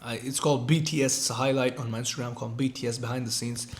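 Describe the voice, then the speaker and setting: A man's voice: medium pitch, fairly even intonation, fast talker. Young guy telling his own story, swears a lot, says bro, repeats stuff. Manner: casual, profane, repeats himself, slangy "bro". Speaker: online business creator. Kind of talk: personal storytelling monologue.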